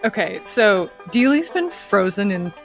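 A woman's voice: medium pitch, sing-song, measured pace, soft background music. A woman playing a tabletop game, casually narrating her character's actions. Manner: casual, storytelling. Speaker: player.

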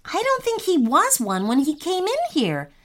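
A woman voicing Keon, a brave, quick-thinking young boy, earnest and urgent in a storybook reading. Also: very high voice, wildly swooping pitch, voice pushed up, full character voice. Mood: explaining.

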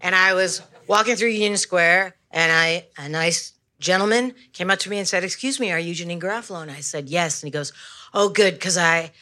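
A woman's voice: lowish voice, normal speed, bright, forceful tone. Rambling, apologetic woman comic on stage. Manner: tangential, self-deprecating, apologetic asides. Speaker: comedian guest. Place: comedy stage before live audience. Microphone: handheld wireless mic.

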